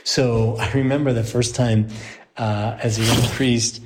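A man's voice: mid-range voice, steady tone, measured pace. Give me a middle-aged priest telling a story to a group, a man who acts out the quotes and chuckles as he goes.

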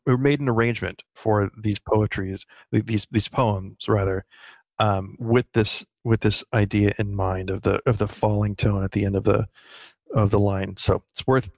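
A man co-hosting a casual literary discussion, explaining his points earnestly with quick restarts. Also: fairly low pitch, creaky, dry recording, muffled recording. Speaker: podcast co-host.

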